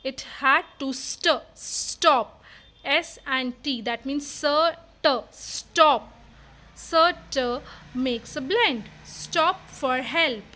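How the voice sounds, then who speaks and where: A woman's voice: high voice, bright, forceful tone. A woman teaching reading, sounding out words letter by letter and reading simple storybooks aloud in a phonics lesson.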